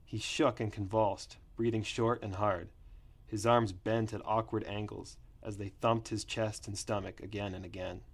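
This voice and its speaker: A man narrating a first-person story in a plain, steady reading voice. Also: lowish voice, moderate pace.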